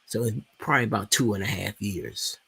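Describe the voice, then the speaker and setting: Gravelly, heated DC man ranting. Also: fairly low pitch, a little fast, fairly bright tone. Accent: Washington DC. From Washington DC, USA. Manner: heated, profane storytelling with many restarts. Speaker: stock market video host. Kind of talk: casual ranting monologue.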